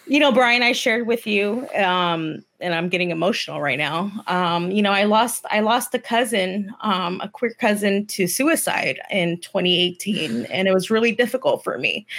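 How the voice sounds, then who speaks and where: A woman guest on a livestream podcast, talking in an emotional, halting way with many pauses and fillers. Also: mid-range voice, a bit bright.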